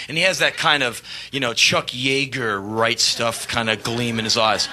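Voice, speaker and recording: A man, a touring rock musician, telling a backstage anecdote with animated, profane energy, acting out scenes. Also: mid-range voice, moderate pace, few pauses. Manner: animated, swearing, acts out scenes, bursts of laughter and shouts. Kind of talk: storytelling anecdote.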